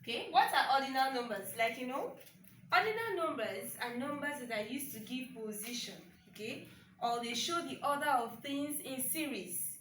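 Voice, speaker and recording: Woman teacher, bright voice, patient and repetitive, frequent "okay?" check-ins, recorded at a distance. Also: sits high, animated, moderate pace, reverberant, a little hiss or hum. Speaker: French teacher. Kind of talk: online language lesson.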